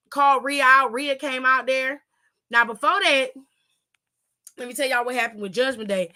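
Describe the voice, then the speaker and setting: A woman's voice: sits high, moderate pace, pauses often, pushed and bright. A woman hosting a casual aftershow, telling stories in a loose, profane, gossipy way. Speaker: aftershow host. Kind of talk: casual chat recapping wrestling.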